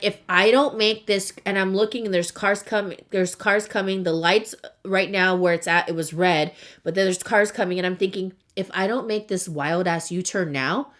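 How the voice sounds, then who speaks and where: A woman's voice: mid-range voice, a bit bright. A young woman chatting casually while doing her makeup, talking in a loose storytelling way with lots of "like". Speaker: beauty vlogger. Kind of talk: casual get-ready-with-me chat.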